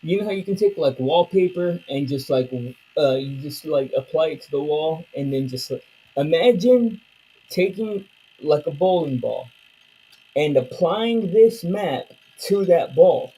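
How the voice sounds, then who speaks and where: A man's voice: on the high side, expressive, unhurried, mellow, breathy edge, rough recording. A man streaming live, chatting casually and loosely with his viewers in slang. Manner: loose, slangy and rambling, talking to chat. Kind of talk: casual chat.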